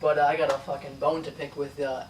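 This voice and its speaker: A man with a New York accent co-hosting a sports podcast, talking in a profane, animated, casual way. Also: fairly high pitch, fast talker. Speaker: podcast co-host. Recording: echoey room from far off, faint noise.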